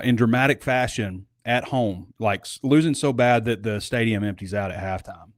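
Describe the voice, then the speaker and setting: A man's voice: medium pitch, no room sound, clean studio sound. A man hosting a casual sports talk show, talking in a conversational, rambling way with asides.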